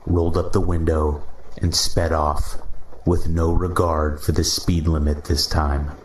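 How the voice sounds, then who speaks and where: A man narrating a first-person story in a measured, steady reading. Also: extremely low pitch. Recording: roomy echo, faint hiss.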